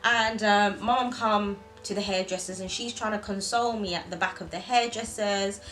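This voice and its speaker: A woman's voice: mid-range voice, moderate pace, faint music behind, low-quality recording. A young woman, chatting to camera and telling a personal story, acting out what others said. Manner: chatty, animated quoting of others. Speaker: vlogger. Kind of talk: casual storytelling chat to camera.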